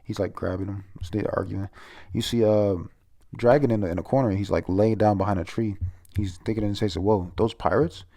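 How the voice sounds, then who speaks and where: A man's voice: fairly low pitch, fairly even intonation, a little fast, warm tone. A man casually recapping a manga chapter, rambling, swearing and stumbling over names.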